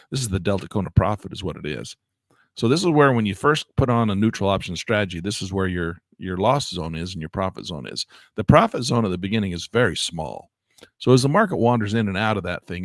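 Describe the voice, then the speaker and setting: A man teaching a live options trading lesson in a chatty way, grumbling at his software and jumping high when exasperated. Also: no echo, studio quality. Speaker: trading instructor.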